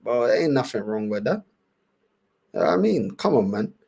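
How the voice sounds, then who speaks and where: A man's voice: on the low side, a little fast, creaky, husky. Laughing London man on a livestream. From England. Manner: animated, laughing, repetitive slang-heavy banter. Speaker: livestream host. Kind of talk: casual livestream reaction chat.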